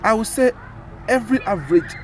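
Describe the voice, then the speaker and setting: Animated man in loose talk-show banter. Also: sits high, fairly quick. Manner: animated, exclaiming, many fillers and restarts. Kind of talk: casual podcast chat.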